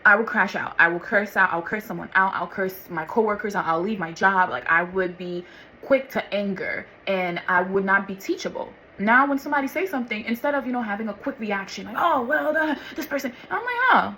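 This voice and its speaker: A woman telling her personal faith testimony in a casual, animated way, calling listeners honey and y'all and acting out what others said. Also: medium pitch, fairly quick, slight background noise, rough recording. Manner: animated, acts out voices of others and God. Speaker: vlogger sharing faith testimony.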